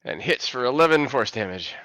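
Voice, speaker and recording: Gravelly, bright-toned male game master. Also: medium pitch, lively intonation, brisk, dry recording. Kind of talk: running a tabletop game online.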